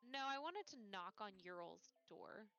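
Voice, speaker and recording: A woman's voice: mid-range voice, big pitch swings, moderate pace, vocal fry, bright, forceful tone, muffled recording, faint music behind. A woman playing a character in a tabletop game, playful and laughing often. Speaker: player. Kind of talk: tabletop role-play chat.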